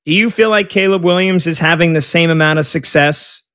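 A man hosts a relaxed sports talk show, chatting freely and reacting to a live game as it plays. His voice sits a little high, and he keeps the talk moving with questions and quick asides.

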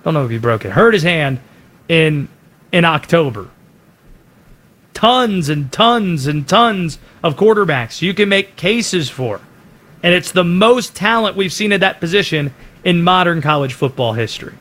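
High-voiced man giving sports commentary. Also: expressive, a bit bright. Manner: brisk, opinionated delivery with quick name lists. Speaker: sports show host.

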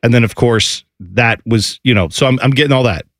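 A man in his thirties telling a lively family story in casual chat, acting out his kids' voices. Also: mid-range voice, a little fast, no echo, clean studio sound. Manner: animated, acts out family voices.

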